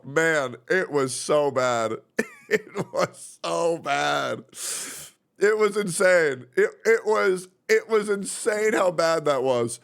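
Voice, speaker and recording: A man's voice: a little high, lively intonation, slow pace, creaky, a bit bright. A young man chatting casually on a livestream, rambling, swearing a lot and reacting to chat messages as he reads them. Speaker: streamer.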